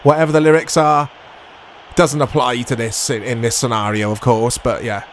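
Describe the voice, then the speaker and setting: A man commentating his own football video game play, excitable and self-mocking, shouting at big moments. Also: medium pitch, normal speed, slight background noise. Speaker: gaming YouTuber. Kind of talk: gameplay commentary.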